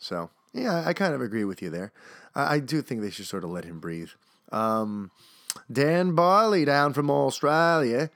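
A man's voice: fairly low pitch, lively intonation, normal speed, a bit bright, no room sound, studio quality. Chatty, rambling male podcast host. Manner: rambling, chatty, self-interrupting with repeated starts. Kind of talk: casual podcast monologue.

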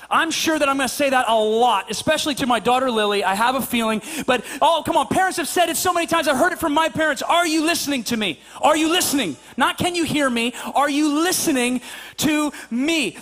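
A man's voice: very high voice, a bit bright. A man preaching a sermon at a church service in a conversational way, repeating his points and restarting his sentences as he acts out stories. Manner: conversational, repetitive, stammering restarts, acts out anecdotes. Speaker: pastor.

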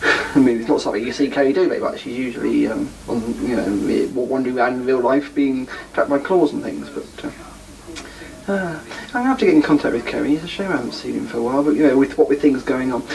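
A man's voice: medium pitch, fast, gravelly, darkish tone, recorded from a distance, poor audio. A man talking casually to his viewers as host, rambling and self-deprecating. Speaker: podcast host.

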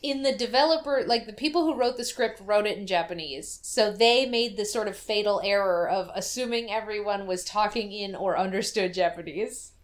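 A woman's voice: medium pitch, moderate pace, few pauses. A woman in casual chat, recapping a game's plot and acting out the characters' lines as she goes. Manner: animated storyteller, acts out quotes. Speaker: podcast co-host.

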